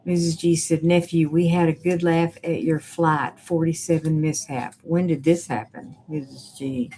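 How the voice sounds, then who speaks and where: A woman's voice: low voice, steady tone, normal speed, mellow, slight background noise. A woman hosting a casual live stream, reading viewer comments aloud with sassy, teasing asides.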